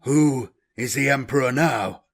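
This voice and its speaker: Man as a shaken sergeant: gravelly and unsteady. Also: medium pitch, measured pace. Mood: stricken. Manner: shaken, quivering questions. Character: stunned loyal space marine sergeant.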